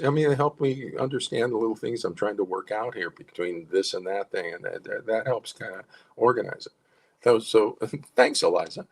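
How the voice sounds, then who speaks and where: A man's voice: fairly low pitch, normal speed, gravelly, slight background noise. A man, a psychologist, talking in a rambling, conversational monologue with frequent restarts. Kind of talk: casual spoken monologue.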